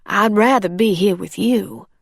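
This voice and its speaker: A woman's voice: mid-range voice, unhurried, vocal fry, no echo, studio quality, voice pushed up. Woman reading Nettie, a pleading loyal housekeeper. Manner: dialect grammar, deferential.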